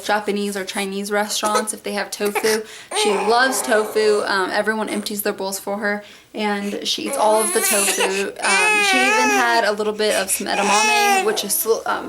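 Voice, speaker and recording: A woman's voice: medium pitch, moderate pace, very noisy. A young woman chatting casually through a baby update, talking to her viewers at home with lots of fillers. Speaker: mom vlogger.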